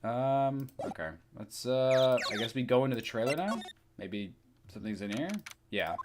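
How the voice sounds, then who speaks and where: A woman's voice: rumbling low, animated, moderate pace, background noise. A young woman giving casual, crude, rambling commentary while playing a game. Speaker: let's player.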